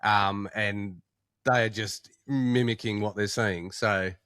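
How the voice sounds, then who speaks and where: A man's voice: fairly low pitch, steady tone, takes it slowly, a bit bright, clear, resonant tone, dry recording, clean studio sound. An Australian man co-hosting a podcast, sick and coughing, joking and laughing through casual banter. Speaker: podcast co-host. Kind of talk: casual chat.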